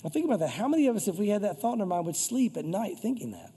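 High-voiced husky preaching man. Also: big pitch swings, very fast, hardly any pauses, warm tone. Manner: acts out scripture and prayer in quoted voices; informal, chatty preaching. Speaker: pastor. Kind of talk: conversational sermon. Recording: long hall reverb.

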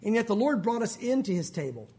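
A male pastor preaching a sermon, animated and folksy, with joking asides to the congregation. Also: high voice, quick pace.

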